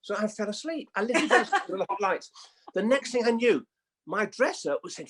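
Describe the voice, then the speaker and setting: Husky older man telling lively stories. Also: high voice, fast talker. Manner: animated storyteller, acts out voices in his anecdotes. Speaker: guest actor. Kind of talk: anecdotal chat.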